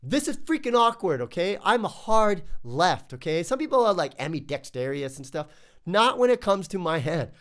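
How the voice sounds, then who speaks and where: A man's voice: high-pitched, big pitch swings, normal speed, a bit bright. A man reviewing tech gear in a casual vlog, ranting with exasperation and stumbling over restarts.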